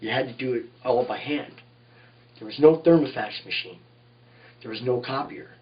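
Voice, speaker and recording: A man's voice: medium pitch, normal speed, recorded from a distance, lo-fi sound. A man, a tattoo artist, telling shop stories in a rambling, profane way in a casual interview, often saying "you know what I mean".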